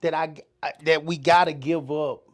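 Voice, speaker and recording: A man's voice: on the high side, fairly even intonation, normal speed. A middle-aged man hosting a casual podcast chat, profane and joking, stammering and laughing often. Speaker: podcast host.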